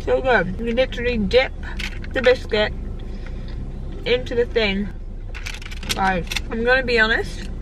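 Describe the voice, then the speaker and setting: A woman's voice: on the high side, fairly even intonation, measured pace, pauses often. A young woman vlogging in a casual, chatty, giggly way. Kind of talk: casual vlog chat. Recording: loud background noise.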